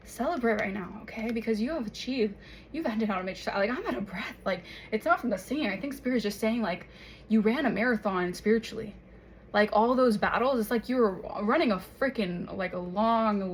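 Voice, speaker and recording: A woman talks her way through a tarot reading in a loose, chatty voice and keeps tagging her lines with little check-ins. Her pitch sits in a middle range. A faint hiss of noise runs under the recording. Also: fairly quick, rough recording. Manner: chatty, tags lines with "okay?" and "all right?". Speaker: tarot reader. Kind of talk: casual spoken tarot reading.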